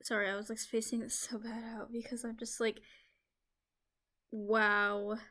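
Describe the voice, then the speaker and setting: A woman's voice: on the high side, little pitch movement, measured pace, bright, forceful tone. A young American woman talking in a casual, rambling vlog on her laptop microphone, full of "like" fillers. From United States. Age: young adult. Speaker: vlogger. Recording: lo-fi laptop recording.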